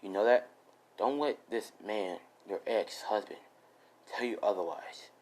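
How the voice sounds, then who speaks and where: Izuku, tender young guy, murmured and hushed, as a man puts him on in a fan story. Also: unhurried. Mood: earnest. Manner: soft, low murmuring delivery. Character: gentle young man comforting a sad woman.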